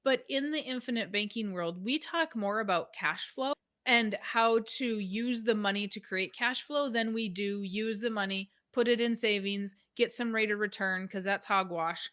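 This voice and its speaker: A woman guest talking casually about money, lively, acting out her own past reactions as she goes. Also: medium pitch, normal speed, hardly any pauses, clear, resonant tone. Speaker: guest, financial author. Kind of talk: casual conversation.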